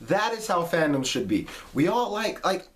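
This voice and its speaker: A man's voice: high voice, sing-song, moderate pace, a bit bright. A man in his late twenties giving a heated, emphatic rant on his vlog, swearing freely. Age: late 20s. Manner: heated, emphatic, profane ranting. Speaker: vlog host. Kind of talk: ranting monologue.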